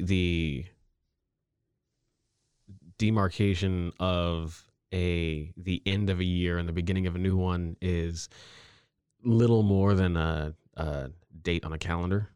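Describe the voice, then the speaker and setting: Deep-voiced man, thoughtful and measured. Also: a little mellow, clean tone, no echo, clean studio sound. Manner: measured, thoughtful, many ums. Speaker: podcast co-host. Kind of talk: casual chat.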